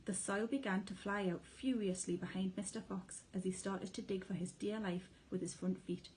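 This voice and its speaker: A woman teacher reads a children's storybook aloud in clear, expressive narration. Her voice is mellow and warm-toned, at a middle pitch, with a faint background hiss. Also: moderate pace, hardly any pauses, poor audio. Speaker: primary school teacher.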